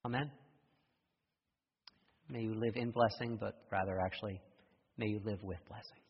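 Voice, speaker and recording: A male pastor preaching in a husky voice, his words ringing through a long hall reverb. He builds a story with growing intensity and sinks into a hushed, prayerful tone. The sound is dull and muffled, like a sanctuary recording. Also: on the low side, fairly even intonation, normal speed, pauses often. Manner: storytelling with rising intensity and soft prayerful close. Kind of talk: sermon. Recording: dull echoey hall from far off.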